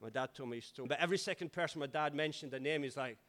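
A Scottish man, a pastor, giving a chatty, relaxed sermon with stories and fillers. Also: on the high side, very fast. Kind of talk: informal sermon storytelling.

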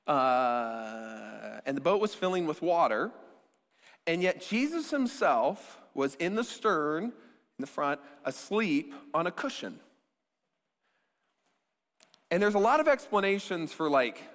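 A man preaching a sermon as pastor, telling stories in a conversational, joking way. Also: high voice. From American Midwest. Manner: conversational, joking, animated storytelling. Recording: long hall reverb.

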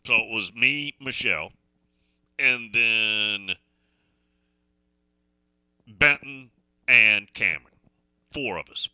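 A man's voice: fairly low pitch, lively intonation, slow, long pauses, bright, forceful tone, clear, resonant tone, no room sound. A middle-aged man hosting a radio talk show, telling a folksy story in a chatty way that repeats and restarts phrases. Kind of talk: casual storytelling chat.

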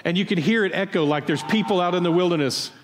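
A man's voice: high-pitched, fast talker, big-room sound, slight background noise. A man preaching a sermon, explaining a passage in a conversational way and asking his listeners pointed questions. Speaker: pastor. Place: church sanctuary.

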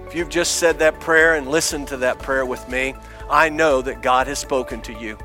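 A man preaching an impassioned evangelistic sermon as a pastor in a church, swinging between shouts and hushed near-whispers. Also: medium pitch, steady tone, moderate pace, faint music behind.

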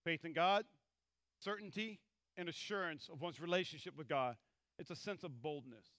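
A male pastor speaks at normal speed in a lively sermon, acting out the voices of people from the scripture he reads. His voice is high, bright, and forceful, and the recording is close and dry.

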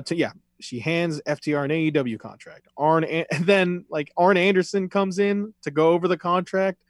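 A man's voice: on the high side, dry recording. Rambling casual podcast man. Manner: rambling, filler-heavy, swears casually. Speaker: podcast co-host recapping wrestling. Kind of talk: casual chat.

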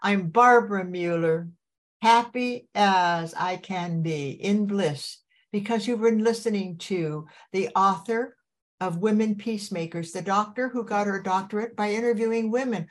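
Over a video call, an older woman runs an enthusiastic podcast interview, her tone gushing and preachy. Her mid-range voice moves at a measured pace.

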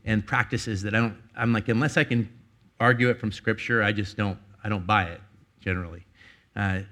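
A man's voice: medium pitch, fairly bright tone. A man preaching a sermon, telling a personal story in a rambling way with many restarts and laughs. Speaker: pastor.

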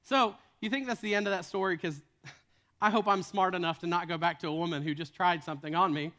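Guy preaching w a pretty high voice, retelling a story chatty-style and cracking little jokes. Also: steady tone, quick pace, fairly bright tone. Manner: conversational, joking asides. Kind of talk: storytelling sermon.

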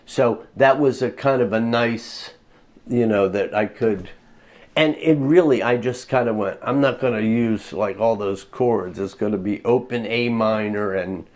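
A male orchestrator and composer, a guest in an interview, telling casual stories with lively acted-out quotes. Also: on the low side, unhurried. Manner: animated anecdotes, acts out quotes with laughter.

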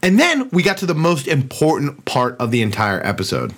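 A man's voice: a little high, brisk. A man co-hosting a podcast, chatting casually, cracking jokes and swearing. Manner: wisecracking, animated, swearing. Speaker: podcast co-host. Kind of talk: casual chat.

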